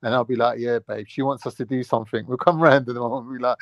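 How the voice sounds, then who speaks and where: A man's voice: medium pitch, fairly even intonation, quick pace, no echo. A young man, chatting in a laid-back way on a podcast panel and acting out family quotes. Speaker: panel guest. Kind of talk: casual chat. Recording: dry, dull lo-fi sound.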